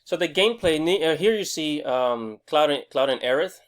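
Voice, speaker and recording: A young man hosting a casual game review vlog, excitable and rambling, swearing freely and restarting his sentences often. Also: a little high, moderate pace. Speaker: gaming video host.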